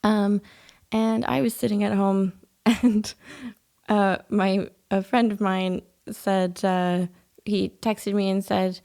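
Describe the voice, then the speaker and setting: A Canadian woman talks softly and thoughtfully as a podcast guest. Her mid-pitched voice often slips into a gravelly fry at the ends of phrases. Her manner is relaxed and lightly amused. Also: slow pace. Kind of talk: casual chat. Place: small room in a historic house.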